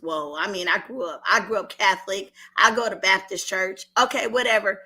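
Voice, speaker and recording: Calling in to a show, this middle-aged Oakland woman gives emotional testimony in a mid-range, bright, forceful voice at a moderate pace with hardly any pauses. Her Oakland accent carries an earnest story, and she repeats herself while holding back tears.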